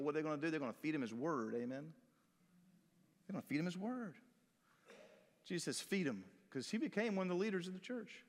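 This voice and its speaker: A man preaching a sermon as a pastor, in a folksy, conversational way, breaking into acted-out quotes. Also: a little high. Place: church sanctuary. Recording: long reverb of a church hall.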